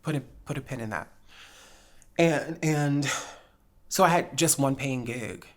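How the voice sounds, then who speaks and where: A podcast host from New Jersey speaks in a very deep voice at an unhurried pace. She tells a story in a casual chat, animated and laughing often as she acts out quoted dialogue.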